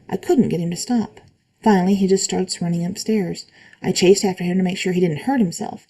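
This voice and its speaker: A woman reading spooky stories aloud in a calm, even way, adding short comments of her own. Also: fairly low pitch, creaky, low-quality recording. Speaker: reader of online stories.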